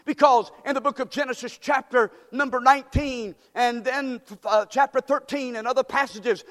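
Man, pastor, sermon, high-pitched, emphatic preaching, echoing church hall. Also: a little fast, few pauses. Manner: emphatic preaching, swelling louder and higher on key words.

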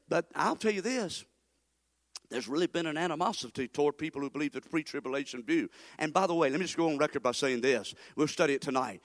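A man's voice: a little high, fairly bright tone. A male pastor preaching an emphatic sermon and having the congregation repeat phrases after him. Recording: long hall reverb.

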